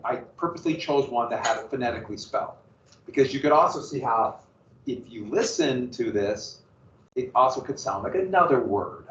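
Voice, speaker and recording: A man's voice: mid-range voice, fairly bright tone, slight background noise. A man teaching a history class, lecturing casually with asides and questions to his students. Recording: roomy, distant, dull classroom recording.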